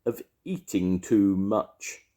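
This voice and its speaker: A man's voice: on the low side, wildly swooping pitch, measured pace, mellow, voice pushed up, heavily acted. An older man voicing a fussy, cautious male rabbit in a storybook, prim and a little stern.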